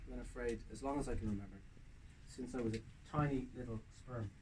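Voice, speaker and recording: A man doing stand-up comedy, animated, with bursts of loud shouting when acting out scenes. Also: medium pitch, fast. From Ireland. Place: castle room with live audience. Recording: distant mic, audience noise.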